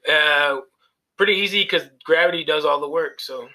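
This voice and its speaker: A man talks through horror movies on a podcast in a loose, rambling way. He swears often and laughs at his own jokes. His voice sits a little high and sounds bright. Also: normal speed, low-quality recording. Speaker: podcast co-host. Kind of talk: casual chat about horror movies.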